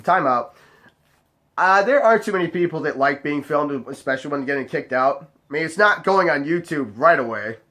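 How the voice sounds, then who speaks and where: A man who works as a bar bouncer, telling a story to the camera in a casual, profane, animated way. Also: a little high, moderate pace. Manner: profane, animated, acts out other people's voices.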